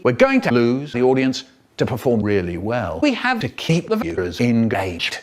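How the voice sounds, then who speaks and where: A man's voice: medium pitch, huge pitch swings, moderate pace. A man, telling comic stories in a theatrical way and jumping between voices. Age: 70s. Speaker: children's storyteller. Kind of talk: spliced comic storytelling.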